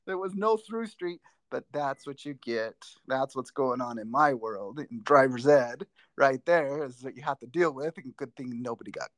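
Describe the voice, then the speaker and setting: A man who teaches driver's ed, chatting casually on a podcast and telling rambling, animated stories with many restarts. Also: mid-range voice, normal speed, few pauses, dry recording. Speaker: driver's ed instructor and school teacher. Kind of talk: casual podcast chat, storytelling.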